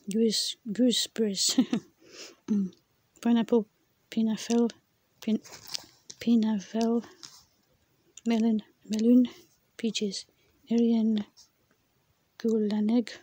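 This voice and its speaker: A woman slowly reading words from her exercise book, repeating them, stumbling and laughing at her own attempts. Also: a little high, warm tone, breathy edge, dry recording. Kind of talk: slow read-aloud vocabulary practice.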